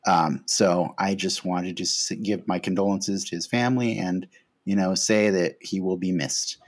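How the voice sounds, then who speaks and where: Low-voiced man hosting a podcast. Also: normal speed. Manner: relaxed, hesitant with many fillers. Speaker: podcast host. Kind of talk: casual podcast chat.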